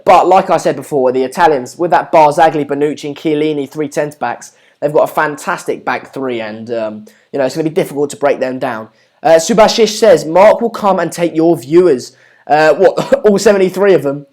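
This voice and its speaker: British man, stream host, casual football chat, slightly higher voice, lots of fillers. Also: a little fast, darkish tone. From Britain. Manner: chatty, reads out viewer comments with many ums. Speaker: livestream host. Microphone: home streaming setup.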